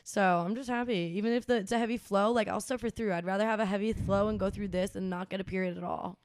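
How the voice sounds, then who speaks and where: A woman's voice: mid-range voice, steady tone, fast talker, no room sound, clean studio sound. A woman in her twenties co-hosting a casual podcast, talking loosely with lots of "dude" and "like" and some swearing. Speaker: podcast co-host. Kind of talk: casual chat.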